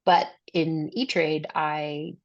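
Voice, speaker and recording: A woman's voice: sits low, flat delivery, no room sound. A woman co-hosting a casual podcast chat, talking in rambling stretches with fillers and restarts. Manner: rambling, many fillers and restarts, quick bursts. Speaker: podcast co-host. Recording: dry, slightly dull lo-fi mic.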